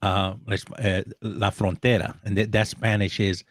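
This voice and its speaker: A man chatting casually on a talk show, telling animated stories with frequent restarts and laughs. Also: fairly low pitch, a little slow, no room sound, studio quality. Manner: animated storyteller, laughs often, many restarts. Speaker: co-host of a social media talk show. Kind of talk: casual chat.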